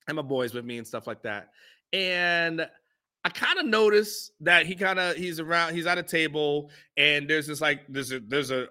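Podcast host, male, high and very bright voice, slangy storyteller who chuckles a lot. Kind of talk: casual storytelling chat. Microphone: own microphone on a live stream.

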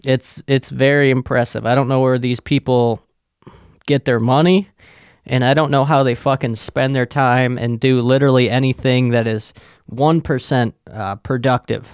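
A man's voice: medium pitch, fairly even intonation, moderate pace, clean tone, no echo, clean studio sound. A man with a profane, sarcastic manner, rambling through a casual solo rant as a podcast host.

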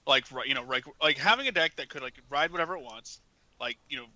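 A man's voice: medium pitch, animated, quick pace, sharp tone, no echo, lo-fi sound. A man co-hosting a casual podcast, talking in a rambling way full of filler words. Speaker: podcast co-host.

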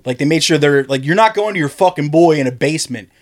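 A man chatting casually on a podcast, fairly high-voiced and lively as he tells stories. He swears freely and slips into a higher voice when he acts out what someone said. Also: fast talker. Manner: animated storytelling, swears often, acts out quotes in a higher voice. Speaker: podcast host. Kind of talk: casual chat.

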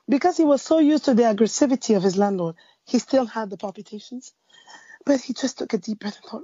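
A woman preaching in conversation, spinning a story with plenty of restarts and fillers. Her voice sits a bit high and sounds husky and mellow. The recording is dry and somewhat dull. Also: animated, a little fast, no echo. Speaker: Christian speaker.

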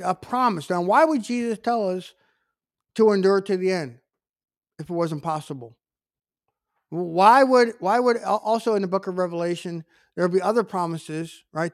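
A man preaches in a high-pitched, earnest voice, mixing scripture with conversational asides and repeated warnings. He stresses key words and often stops to restate himself. The sound is dry and close, with no room echo. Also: expressive, normal speed. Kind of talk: sermon.

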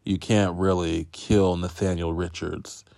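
A man's voice: sits low, little pitch movement, unhurried, vocal fry, darkish tone, dry recording, clean studio sound. A man hosting a podcast, giving a casual solo film review in a rambling, profane, self-mocking way. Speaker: podcast host reviewing films.

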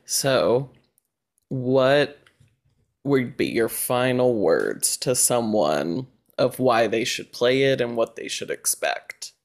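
A podcast host asking a guest a closing question in a casual, slow and drawn-out way. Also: medium pitch, lively intonation, gravelly.

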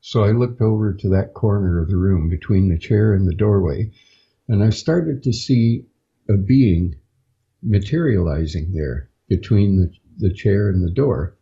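A man, a podcast guest, recounting a personal experience in a halting, unhurried way with frequent pauses, on a dull lo-fi recording. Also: fairly low pitch, lively intonation, mellow. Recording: dull lo-fi sound.

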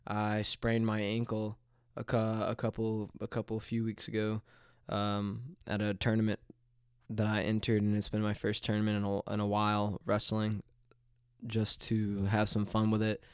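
A congested, nasal young man hosts a laid-back solo podcast, with a smooth voice despite the stuffiness. He rambles, hesitates and restarts his sentences, and he sounds close to the mic in a dry, dead room. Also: lowish voice, monotone, normal speed, dry recording. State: congested from allergies. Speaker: podcast host.

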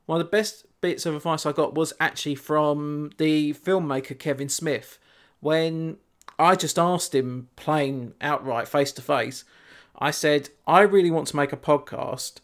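A man hosting a podcast in casual chat. He tells stories in a lively way and swears casually. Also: fairly high pitch, measured pace. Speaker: podcast host.

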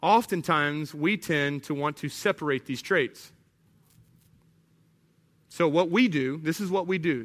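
Male pastor, 30s. Conversational, animated sermon delivery, bright tone. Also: a little high, measured pace, long pauses. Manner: conversational, animated, acts out little scenes.

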